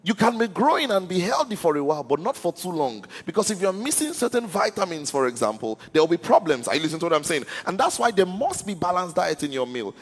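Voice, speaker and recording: Pastor, man, fairly high voice, sermon style, stammers and checks in with the crowd; echoing hall. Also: sing-song, fast, few pauses, breathy edge, faint music behind. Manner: repeats "are you listening" to the congregation; stammers and restarts words. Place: church.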